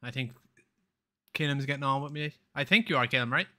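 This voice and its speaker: A man's voice: mid-range voice, brisk, bright, forceful tone. A man chatting casually on a live game stream, rambling, swearing freely and laughing often.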